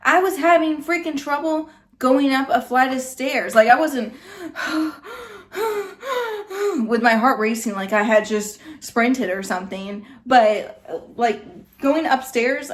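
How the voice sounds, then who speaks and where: A woman's voice: on the high side, measured pace. A woman hosting a reaction video, giving blunt, opinionated commentary in a casual, chatty way.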